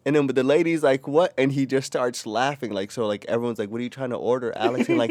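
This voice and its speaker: Animated young man telling a story. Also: mid-range voice, fast, few pauses. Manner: animated, profane, acts out quotes in a raised voice. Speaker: podcast co-host. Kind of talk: casual storytelling chat.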